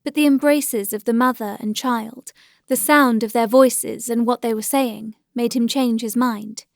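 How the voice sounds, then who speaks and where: A woman narrating a classic novel as an audiobook, in a measured, gentle storytelling manner. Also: fairly high pitch, fairly even intonation, gravelly, no room sound, studio quality.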